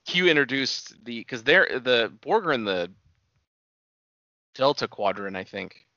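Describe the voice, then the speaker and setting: Man, laid-back fan explaining lore, bright edge, dry close sound, slightly dull audio. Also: medium pitch, very animated, unhurried, dry recording. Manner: knowledgeable fan, explains lore with hedging asides. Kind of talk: casual chat about a TV series.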